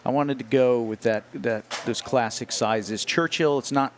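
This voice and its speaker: Male interview guest, mid pitch, steady explainer who restarts and repeats words, studio sit-down. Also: a little slow, a little hiss or hum. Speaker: guest, cigar company founder. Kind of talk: casual interview.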